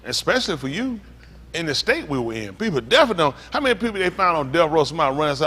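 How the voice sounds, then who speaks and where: A man's slightly high, breathy voice carries his sermon as pastor. He reads scripture slowly between comments, then breaks into lively call-and-response commentary that often climbs into emphatic, questioning exclamations.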